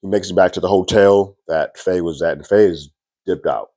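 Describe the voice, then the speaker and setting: A man with a very low voice talks through a TV episode in a relaxed, conversational recap. The recording is close and dry, with no room sound. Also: moderate pace, dry recording. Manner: conversational, acts out characters' lines in passing. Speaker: TV series reviewer.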